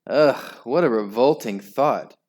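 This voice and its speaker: A man's voice: mid-range voice, takes it slowly, a little mellow, close to an everyday voice. A man reading a children's storybook aloud, voicing a cheeky, scheming young schoolboy with a bratty, defiant edge. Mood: scornful.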